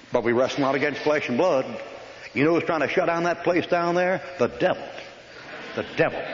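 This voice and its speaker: A man's voice: medium pitch, slight background noise. A man preaching a folksy, joking sermon in a church hall, rattling off long lists at speed. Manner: folksy, joking, rapid listing. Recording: echoey lo-fi old hall recording.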